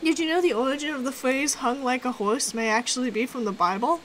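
A woman's voice: sits high, brisk, fairly bright tone, poor audio. Woman, streamer, casual chat, teasing, laughs a lot, faint noise.

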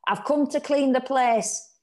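Woman doing a loud, scornful old grandmother. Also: high voice, measured pace, voice pushed up. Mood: blunt. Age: older. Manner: shouting, blunt, insistent. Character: aging working-class mother, loud, scornful, bossy.

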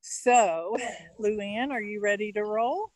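A woman's voice: medium pitch, slow pace, darkish tone, no room sound, poor audio. A woman hosting an online teacher workshop, introducing the next speaker in a playful, folksy way. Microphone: video call.

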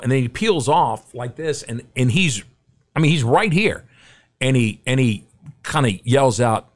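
A middle-aged man, a podcast guest, telling a story in casual, animated chat and acting out the quotes. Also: medium pitch.

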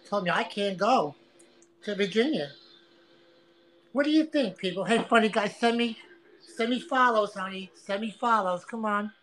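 A woman livestreaming an angry, profane rant, taunting and repeating herself with loud outbursts. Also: mid-range voice, low-quality recording.

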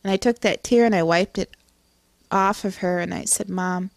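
A woman's voice: mid-range voice, gravelly, no echo. Earnest woman telling a personal story. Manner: earnest, halting, with many restarts and fillers. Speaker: testimony speaker.

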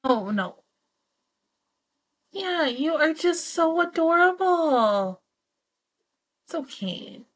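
High, lively gushing woman reactor. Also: very slow, long pauses. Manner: gushing, squealing over cute animals. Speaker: anime reaction host. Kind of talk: reacting to an anime episode.

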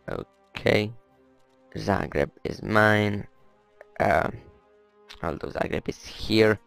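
Gravelly man rambling over strategy gameplay. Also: on the low side, poor audio. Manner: rambling, muttering, swears at the game. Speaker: gameplay commentator. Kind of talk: casual let's-play commentary.

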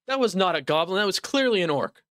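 A man's voice: high voice, expressive, fast talker, fairly bright tone, no echo, studio quality. A young man streaming live from home, ranting in mock outrage with lots of exasperation.

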